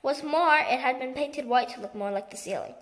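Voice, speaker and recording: High-voiced woman reading a children's story. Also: fairly quick, heavy background noise. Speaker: storybook reader. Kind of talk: reading a children's book aloud.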